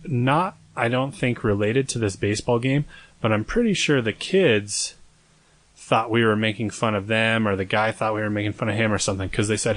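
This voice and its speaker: A man's voice: fairly quick, fairly bright tone, no room sound. Rambling self-mocking young man. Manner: rambling, self-mocking, acts out quotes in a high voice. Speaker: podcast co-host. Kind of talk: casual storytelling chat.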